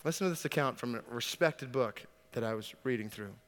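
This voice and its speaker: A man's voice: medium pitch, fairly quick. Emphatic preacher man in a reverberant hall. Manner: emphatic preaching with rhetorical questions, building to loud exhortation. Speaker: pastor. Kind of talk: sermon. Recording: long reverb of a large hall.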